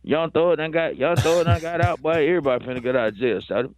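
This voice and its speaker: A man's voice: fast talker, over a noisy crowd, natural voice, low-quality recording. A man voicing a brash streetwise hustler, rambling in slang. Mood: hyped. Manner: slangy, rambling, boastful sales pitch. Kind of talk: radio prank-character comedy bit.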